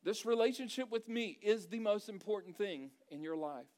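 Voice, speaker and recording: Male pastor with a high voice, preaching in a conversational, emphatic way to his church. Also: animated, moderate pace, darkish tone. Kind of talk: sermon.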